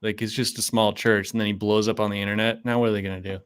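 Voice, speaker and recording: A man co-hosting a casual chat, easygoing and quick to laugh. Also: fairly low pitch, little pitch movement, clean tone. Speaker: co-host.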